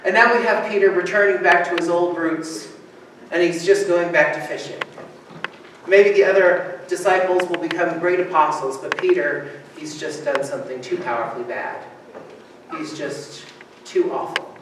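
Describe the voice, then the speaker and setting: A male pastor preaching a sermon and telling stories with lively delivery, now and then acting out the people he quotes. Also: high voice, normal speed. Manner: animated storytelling, acting out quoted voices. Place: church sanctuary. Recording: echoey church from far off, with faint hiss.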